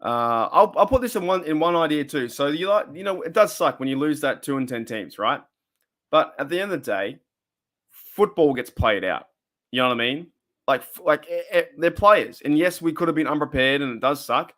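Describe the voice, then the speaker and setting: Rambling Australian man, slightly high voice. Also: expressive, moderate pace, fairly bright tone. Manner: rambling, repeats himself, reads chat aloud. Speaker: live stream host. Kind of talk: casual live-stream chat.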